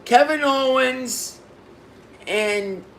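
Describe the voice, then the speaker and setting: A man giving a casual video review of a wrestling show, excitable, repeating himself and bursting into exclamations. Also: very high-pitched, very slow, a little hiss or hum.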